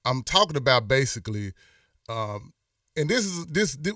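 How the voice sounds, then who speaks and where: Dude going off on a live stream, bright voice, kinda far from the mic, dry sound. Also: male voice, mid-range voice, very animated, moderate pace, dry recording. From Memphis. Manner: rambling and impassioned, many restarts and fillers. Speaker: host. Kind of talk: casual live-stream talk.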